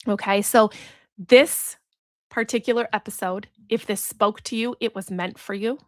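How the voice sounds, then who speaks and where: A woman's voice: medium pitch, steady tone, normal speed, no room sound, studio quality. A woman hosting a solo podcast, telling a story in an earnest, reflective way and acting out the voices she quotes. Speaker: podcast host and business coach.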